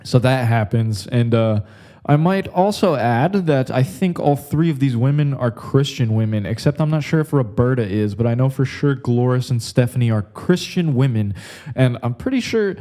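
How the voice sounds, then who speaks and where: A young man rambles through a podcast monologue, swearing freely and leaning on "like" and "bro." His voice sits warm and mellow rather than bright. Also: medium pitch, animated, moderate pace. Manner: rambling, crude, says "like" and "bro" constantly. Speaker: podcast host. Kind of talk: casual comedic monologue.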